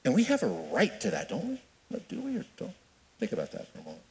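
Animated preacher man in a reverberant hall. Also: medium pitch, fast talker. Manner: conversational preaching with frequent rhetorical questions; stumbles and restarts mid-sentence. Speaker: pastor. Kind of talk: sermon.

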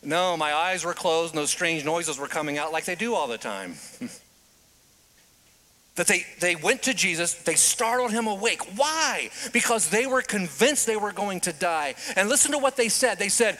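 Lively high-voiced male preacher. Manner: animated storytelling, dramatic pauses. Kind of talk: sermon.

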